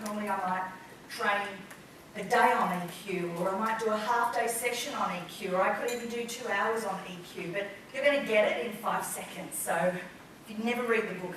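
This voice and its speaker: A woman trainer teaching a live workshop, animated and acting out the people she talks about. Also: mid-range voice, normal speed, slight background noise. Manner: lively, acts out quoted people. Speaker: business trainer. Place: large room with an audience. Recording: echoey room, mic far off.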